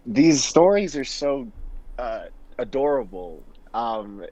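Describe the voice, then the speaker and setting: A young man co-hosting a podcast, telling a story in a wry, halting way in casual chat. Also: mid-range voice, animated, dark tone, no room sound, lo-fi sound. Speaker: podcast co-host.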